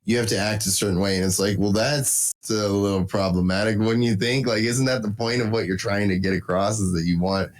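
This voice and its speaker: Low-voiced man chatting easily. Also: steady tone, brisk, hardly any pauses. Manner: agreeable, backchannels a lot. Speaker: podcast guest. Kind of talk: casual chat.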